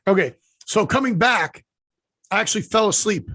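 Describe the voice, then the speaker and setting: A man with a fairly high voice tells a long, meandering anecdote and stops often to restart his sentences. His speech carries the easy looseness of casual podcast chat, recorded close and dry with no room sound. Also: animated, normal speed, pushed and bright, no echo. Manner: rambling storyteller, many fillers and restarts. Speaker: podcast co-host.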